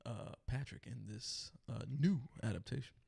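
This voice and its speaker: A man's voice: medium pitch, normal speed, creaky, mellow, slightly rough. A man co-hosting a horror news podcast, chatting casually and colloquially with lots of fillers. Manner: laid-back, colloquial, trailing fillers. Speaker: podcast co-host.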